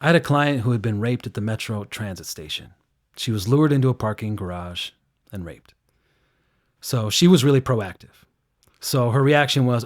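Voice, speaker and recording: A man's voice: mid-range voice, normal speed. A man working as a victim advocate, recounting a case in an earnest, conversational interview manner. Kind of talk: recorded interview clip.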